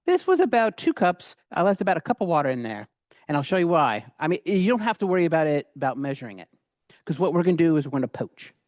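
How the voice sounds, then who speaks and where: A man's voice: a little high, expressive, fast, dry recording. Chatty man demonstrating desserts, dry sound. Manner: chatty, rambling, with frequent fillers and restarts. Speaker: cooking instructor. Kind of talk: casual cooking demonstration.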